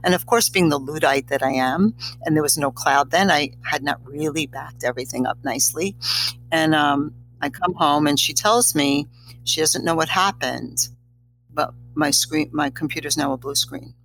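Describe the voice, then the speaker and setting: A woman's voice: deep voice, moderate pace, fairly bright tone, slight background noise, low-quality recording. A middle-aged woman, a guest on an interview show, telling a personal story in a reflective, slightly teary way. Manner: emotional, reflective, a little teary.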